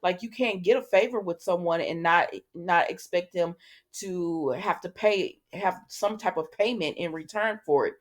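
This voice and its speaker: A woman hosts a casual soap opera recap, chatting loosely and retelling scenes through quoted dialogue, with lots of fillers and offhand asides. Her voice is lowish, at a moderate pace.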